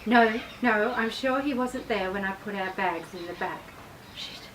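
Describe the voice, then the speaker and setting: A woman, an author reading her travel memoir aloud in a measured, expressive way. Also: mid-range voice. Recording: distant mic with faint background noise.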